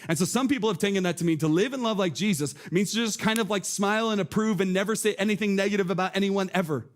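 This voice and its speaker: Earnest, slightly high-voiced male pastor. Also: fast talker. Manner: earnest, conversational preaching with rhetorical questions. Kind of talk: sermon. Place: church stage.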